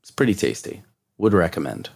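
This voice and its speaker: Man, very low voice, casual podcast co-host who jokes a lot. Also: very animated, brisk, creaky, slightly rough. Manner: joking, chatty. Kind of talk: casual whiskey-tasting chat.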